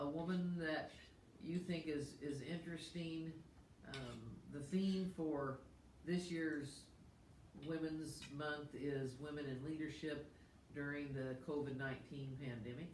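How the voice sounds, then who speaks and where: A woman's voice: sits low, steady tone, takes it slowly. A woman pastor chats casually on a church livestream, talking between bites of food. Her voice is caught from a distance in an echoey kitchen, with a faint hiss under it. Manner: chatty, talks while eating. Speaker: pastor and co-host. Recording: echoey room, mic far off.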